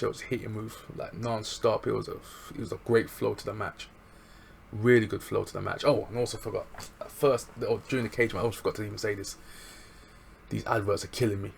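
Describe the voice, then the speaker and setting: A man with a gravelly, slightly low voice talks through a show recap in a loose, excitable way. His speech is slangy and full of chuckles. There is a faint hiss behind him. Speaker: wrestling show reviewer. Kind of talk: casual recap chat.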